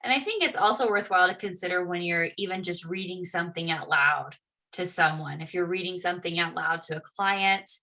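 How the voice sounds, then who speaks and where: A woman's voice: on the low side, a little fast, bright, forceful tone. A woman teaching public speaking, explaining and encouraging her students. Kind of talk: class lesson.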